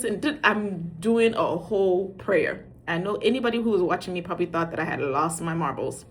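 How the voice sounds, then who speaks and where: Animated middle-aged mother telling a story. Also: on the low side, a little fast, few pauses, slight background noise. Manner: animated, acts out quoted dialogue, self-mocking. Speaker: parent sharing dating advice. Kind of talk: casual storytelling.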